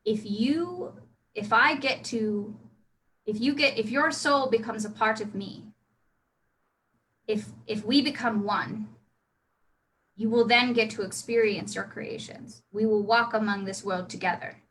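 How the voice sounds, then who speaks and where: Beatrix, a woman playing a smooth-talking demon. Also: on the high side, measured pace, pauses often, fairly bright tone, recorded from a distance. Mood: persuasive. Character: persuasive female demon, a big talker.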